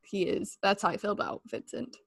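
A woman's voice: mid-range voice, very animated, a little fast, creaky. A young adult woman in casual chat, giggly and effusive.

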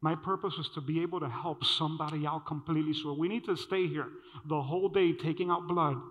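A man preaching a sermon, telling a personal story in an animated way and acting out the dialogue. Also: on the high side, a little fast. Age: adult. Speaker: pastor. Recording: dull sound with long hall reverb.

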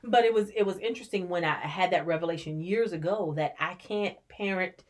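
A middle-aged woman talking about parenting in a relaxed podcast conversation, reflective and storytelling, laughing now and then. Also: lowish voice, fairly quick, a little hiss or hum. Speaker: podcast co-host and mother. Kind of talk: casual conversation.

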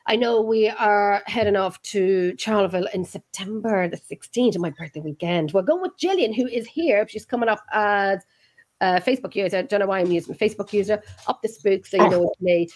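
Irish woman host, chatty and rambling, ordinary middle pitch. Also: a little fast, darkish tone. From Ireland. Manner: chatty, rambling, many restarts. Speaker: podcast host. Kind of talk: casual chat.

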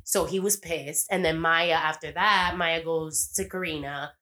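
A woman's voice: deep voice, fairly even intonation, measured pace, bright, forceful tone. A woman casually recapping a TV episode on a podcast, rambling, swearing freely and acting out the characters' lines. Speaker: podcast co-host.

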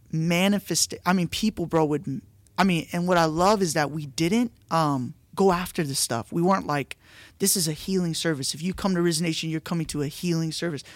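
A male pastor telling stories in a casual, animated podcast chat, restarting often and saying dude and bro. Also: on the high side, no room sound.

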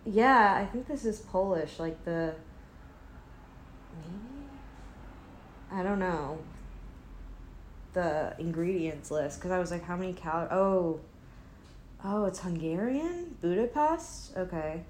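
A woman's voice: on the low side, lively intonation, slow pace, pauses often, a little hiss or hum. A woman vlogging in casual, rambling chat, sleepy and not fully awake, self-deprecating and often trailing off mid-sentence. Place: indoors at home, an apartment. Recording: echoey room with faint ambience.

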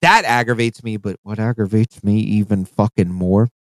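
A man co-hosting a podcast in casual chat, excitable and profane, laughing often. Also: fairly low pitch, normal speed, dry recording. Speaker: podcast co-host.

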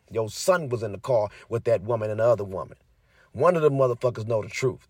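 A man's voice: medium pitch, no echo, clean studio sound. A young man ranting heatedly to his viewers, cursing heavily and repeating himself as he gets worked up. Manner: heavy cursing, fired up, repetitive. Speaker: commentator. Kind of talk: heated casual rant to viewers.

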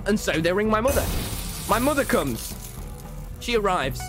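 A man's voice: sits high, normal speed, music in the background. A young man casually telling a story on a livestream, jumping into voices for the people in it. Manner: animated, mimics others with voice jumps.

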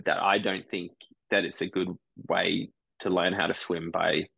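A man talks loosely on a podcast, on the lower side of the male range. He circles and corrects himself as he thinks aloud. The close mic makes the sound dry and tight. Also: flat delivery, a little slow, gravelly, bright, forceful tone, dry recording, low-quality recording. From Brisbane, Australia. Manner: rambling, self-correcting, acts out online commenters. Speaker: podcast guest, comedian. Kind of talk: casual podcast chat.

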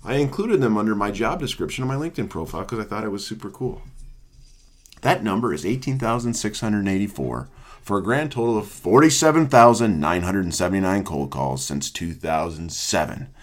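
A man's voice: fairly low pitch, expressive, a little fast. A man in his thirties, a salesperson, reading a humorous personal essay aloud in a wry, self-mocking way. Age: 30s. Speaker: salesperson and blogger.

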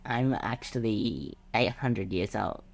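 A man voicing a young-sounding female Christmas elf in a halting falsetto, full of ums and likes, for comic podcast role-play. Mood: hesitant.

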